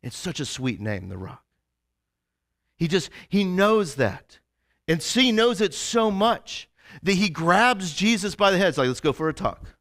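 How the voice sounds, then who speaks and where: A male pastor preaching in a loose, conversational way, full of fillers and restarts. His voice sits high and sounds bright and forceful. He swings between lively retelling and quiet, heavy moments. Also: measured pace. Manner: animated, casual storytelling with many fillers. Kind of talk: sermon.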